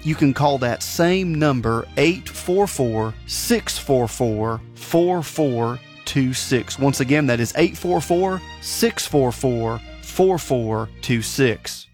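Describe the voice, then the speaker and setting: A man reading a scripted announcement for a religious radio program, earnest and measured, slowing down for phone numbers. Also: medium pitch, expressive. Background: guitar music.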